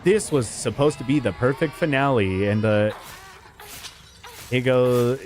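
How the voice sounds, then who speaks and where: A man's voice: mid-range voice, a little slow, darkish tone, soft background music. A man streaming a horror game, chatting casually with viewers, swearing and laughing often and jumping into silly voices. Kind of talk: casual gaming stream chat.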